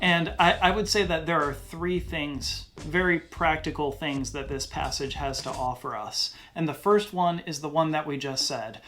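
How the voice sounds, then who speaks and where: Man with a slightly high voice, teaching. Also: a bit bright, soft background music. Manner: conversational, slows down to stress key phrases. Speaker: podcast host. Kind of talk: casual Bible teaching monologue.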